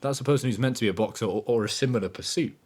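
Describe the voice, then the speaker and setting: A man hosting a podcast, talking in a casual motivational monologue that is animated and emphatic, swearing freely. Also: medium pitch, racing. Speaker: podcast host.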